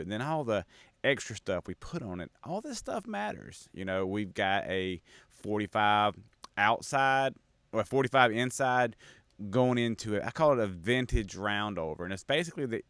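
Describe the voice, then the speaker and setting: Man, low voice, smooth, enthusiastic drum demo, dry sound. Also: normal speed, fairly bright tone, no room sound. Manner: enthusiastic, explains gear step by step. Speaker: host and drum maker. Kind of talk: casual demonstration talk.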